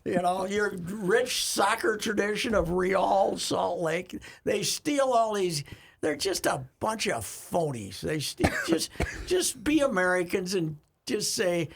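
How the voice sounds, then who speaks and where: A man co-hosting a casual sports talk show, ranting with exasperated loud outbursts. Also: high voice, expressive, slow, gravelly, slightly rough. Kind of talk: casual radio chat.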